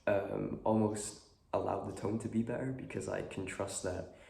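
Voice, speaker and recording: Low, gravelly man with a cold. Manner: halting, filler-heavy, relaxed. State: has a cold, clearing his throat. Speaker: guitar vlogger. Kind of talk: casual chat. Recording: echoey room with faint noise.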